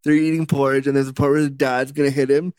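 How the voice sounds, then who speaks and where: A man's voice: medium pitch, flat delivery, quick pace, darkish tone, smooth, dry recording. A man casually recapping a film with jokes and swearing, in a rambling chat.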